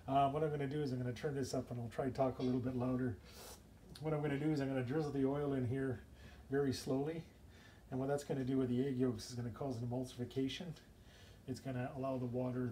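A man's voice: medium pitch, mellow. A man casually talking through a home cooking video, rambling and chatty and breaking off mid-sentence, filmed on a camera across a home kitchen. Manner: rambling, chatty, self-interrupting. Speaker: home cook. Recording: noisy home recording.

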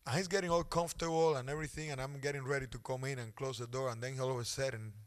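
A middle-aged male pastor telling a story in a sermon with animated, dramatic delivery. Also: mid-range voice, rapid-fire.

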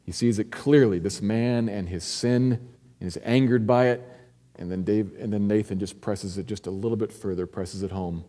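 A man's voice: fairly low pitch, fairly even intonation, normal speed. Earnest male pastor in an echoey hall. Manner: earnest, swings from hushed to emphatic. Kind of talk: expository sermon. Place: church sanctuary.

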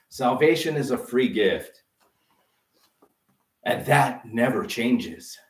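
A man preaching a sermon as pastor, lively and conversational, full of rhetorical questions. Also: on the low side, slow pace, pauses often. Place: church sanctuary. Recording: roomy sound from a distance.

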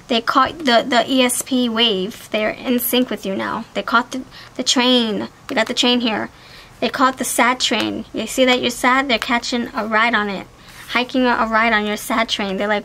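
A woman giving a casual, chatty tarot card reading, animated and talkative. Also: on the high side, moderate pace, rough recording. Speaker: tarot reader.

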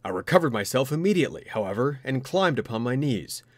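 A man narrating a ghost story in an expressive, dramatic reading. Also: mid-range voice, fast talker, no echo.

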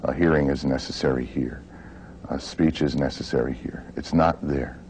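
Very deep-voiced, halting man. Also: steady tone, darkish tone, a little hiss or hum, rough recording. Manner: halting, frequent hesitations. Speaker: interviewee. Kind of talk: recounting a near-death experience.

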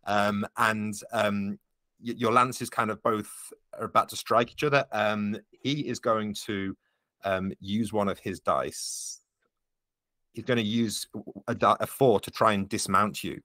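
A man's voice: lowish voice, measured pace, pushed and bright, no room sound. A man running a tabletop game as game master, explaining the rules patiently with frequent ums.

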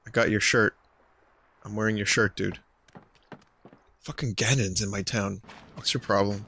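A man's voice: lowish voice, steady tone, moderate pace, long pauses, pushed and bright, breathy edge. A man streaming a life-sim game, rambling in sarcastic, profane commentary. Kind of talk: let's play commentary. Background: game music.

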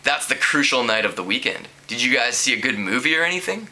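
Nosy teen girl all over the gossip, man reading her lines, bright voice. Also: medium pitch, sing-song, quick pace, full character voice. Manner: eager, prying questions.

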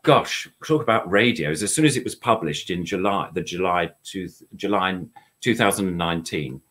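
A man's voice: deep voice, moderate pace, a bit bright. An older man, a guest chatting and reminiscing in a rambling, chatty way. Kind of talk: casual reminiscing chat.

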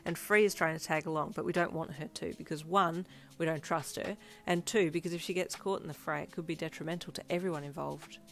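A woman's voice: low-pitched, steady tone, a little fast, hardly any pauses. A woman reading the lines of a determined young woman, earnest and playful, in a fanfiction story. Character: determined young woman, team leader in a game.

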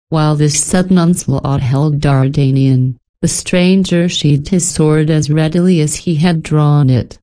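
Brief: audiobook narrator, woman, low and mellow voice, even and measured. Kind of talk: scripted narration.

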